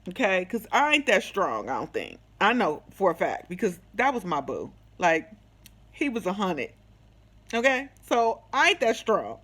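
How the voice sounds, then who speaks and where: Animated woman telling a personal story. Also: mid-range voice, measured pace. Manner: animated, slangy, acts out the quoted dialogue. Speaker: vlogger sharing a personal testimony. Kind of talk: casual storytelling.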